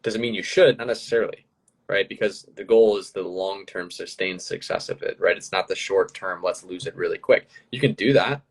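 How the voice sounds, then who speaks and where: Husky-voiced man explaining fitness. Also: sits low, a little fast, rough recording. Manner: explanatory, peppered with "right?". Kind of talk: casual explanatory talk.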